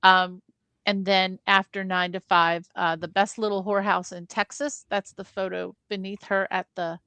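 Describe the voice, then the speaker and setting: Middle aged woman on a film club show, calm and measured, really smooth clear voice. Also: medium pitch, no room sound. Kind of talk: casual film review chat.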